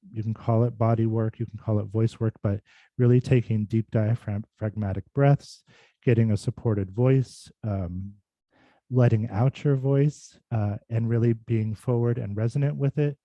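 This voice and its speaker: A man's voice: on the low side, no room sound, highs cut off. A man who works as a speech and voice clinician, giving a casual, thoughtful talk full of fillers and restarts over a video call. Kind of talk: casual informal presentation.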